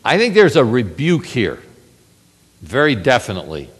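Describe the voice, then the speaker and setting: A man preaching a sermon, telling a scripture story with lively rhetorical questions to the congregation. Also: medium pitch, normal speed, slightly rough, long reverb tail.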